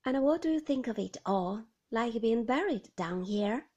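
A woman reading the lines of a teasing, flirtatious man in a story, speaking loudly. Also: a little high, expressive, a little slow, lo-fi sound. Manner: teasing and loud. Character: cheeky, flirtatious man in sports car.

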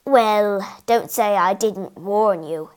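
A woman voicing a grave aristocratic older lord who speaks in a solemn, measured way. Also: medium pitch, clear, resonant tone, natural voice. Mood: solemn warning.

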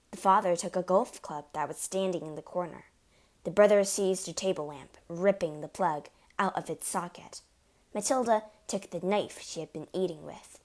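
A woman narrating a children's storybook in an expressive, animated reading. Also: fairly low pitch. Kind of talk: audiobook storytelling.

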